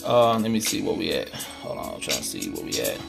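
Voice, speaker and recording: A man's voice: sits low, wildly swooping pitch, fairly quick, creaky, music in the background. A middle-aged man hosting a podcast, talking casually and preachily, often asking "you know what I'm saying". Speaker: podcast host. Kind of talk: casual monologue.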